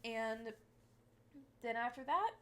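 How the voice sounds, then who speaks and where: A woman's voice: fairly high pitch, lively intonation, slow, slight background noise. A woman co-hosting a podcast, retelling scenes at length in casual chat with frequent restarts. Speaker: podcast co-host.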